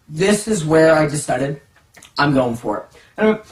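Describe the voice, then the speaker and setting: Animated storyteller in an echoey room. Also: mid-range voice, fairly quick. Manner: animated, dramatic swings from hushed to excited. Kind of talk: casual comic storytelling. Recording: echoey room, distant mic, faint music.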